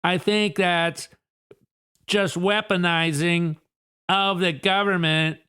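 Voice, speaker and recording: A man doing a mocking impression of a smug, boastful male politician who brags slowly and pleased with himself. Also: sits high, steady tone, sharp tone, smooth, voice pushed up, exaggerated voice. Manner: slow, self-satisfied boasting.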